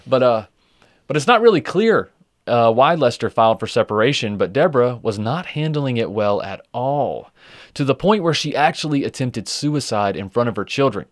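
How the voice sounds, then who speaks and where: A man hosts a true crime podcast in a loose, casual way, full of fillers and the odd swear word. His voice sits at an ordinary middle pitch. The recording is dry and close, with no room sound. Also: animated, moderate pace, dry recording. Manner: conversational, with frequent fillers and swearing. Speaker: podcast host.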